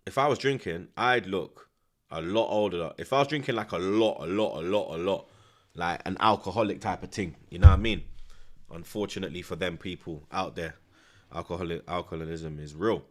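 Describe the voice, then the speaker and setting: Reacting live to a football match, this young male streamer talks casually and animatedly in street slang, tossing in frequent tag questions. His voice is low-pitched and a little fast.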